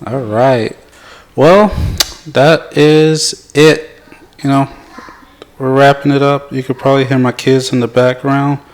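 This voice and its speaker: A man's voice: medium pitch, slow. A man hosting a podcast, talking casually with plenty of fillers. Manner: relaxed, filler-heavy. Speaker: podcast host. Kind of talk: casual chat.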